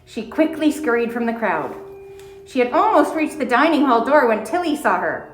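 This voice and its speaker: A woman reading a children's storybook aloud in a gentle, expressive storytelling manner. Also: a little high, moderate pace, reverberant, a little hiss or hum, low-quality recording. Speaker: audiobook reader. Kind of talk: storybook read-aloud narration.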